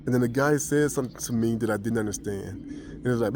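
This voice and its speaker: A man's voice: mid-range voice, fairly even intonation, quick pace, darkish tone, slight background noise. An American man vlogging, telling a personal story casually with many restarts and fillers. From United States.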